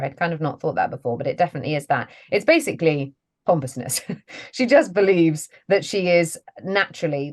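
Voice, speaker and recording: A woman, a voice actress chatting casually as an interview guest, laughing often and self-deprecating. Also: deep voice.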